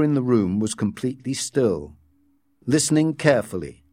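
A man reading a story aloud with measured scripted narration. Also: fairly low pitch, mellow, dry recording, clean studio sound. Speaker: audiobook reader.

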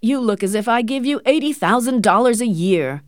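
A stern, sarcastic middle-aged doctor with a dry, measured way of talking, pitched a little lower as a woman reads him in a storybook. His voice rises and falls with lively inflection, and the recording is close and dry. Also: no echo, close to an everyday voice.

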